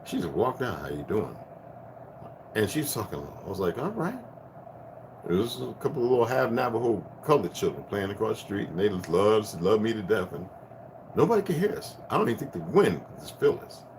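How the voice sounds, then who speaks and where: A man in his fifties giving a rambling spiritual rant to his viewers, profane and preachy, swinging from loud bursts down to hushed tones. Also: fairly low pitch, expressive, brisk, slight background noise. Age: 50s. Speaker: vlogger.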